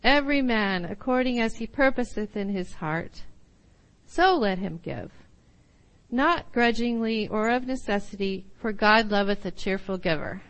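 A woman teaching a sermon, reading scripture aloud and then explaining it, with laughs and quick asides. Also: medium pitch, animated, a bit bright, low-quality recording. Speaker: Bible teacher.

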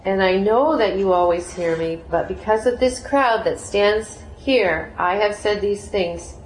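Animated woman teaching scripture, roomy echo. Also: medium pitch, a little slow, slight background noise. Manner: animated, laughs often, acts out quoted voices. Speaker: Bible study teacher. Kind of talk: scripture reading with commentary.

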